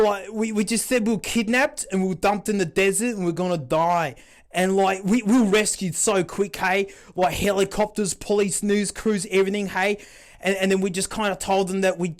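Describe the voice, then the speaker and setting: A man's voice: high-pitched, steady tone, moderate pace, close to an everyday voice. A man voicing a rowdy young Australian larrikin, telling a wild story in a broad slangy drawl with trailing tags. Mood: boastful yarn. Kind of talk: comedic mic-test monologue.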